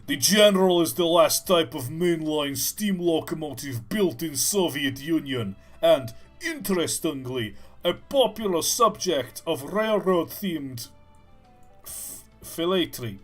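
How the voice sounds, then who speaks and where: A man's voice: a little high, animated, takes it slowly, soft background music. A man putting on a hammy Russian-accented train guide. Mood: grandly informative. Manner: rolled R's, grand lecturing delivery. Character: over-the-top Russian-accented male train tour guide.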